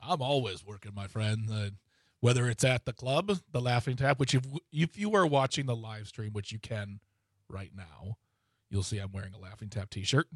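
A man's voice: on the low side, normal speed, no echo, studio quality. A man chatting casually as co-host, easygoing and rambling as he plugs upcoming shows. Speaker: co-host, comedy club worker. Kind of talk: casual chat.

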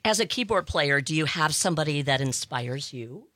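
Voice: mid-range voice, lively intonation, moderate pace, a bit bright, no room sound. A radio co-host in a studio, asking a band about themselves in an encouraging, giggly way. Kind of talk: casual radio interview.

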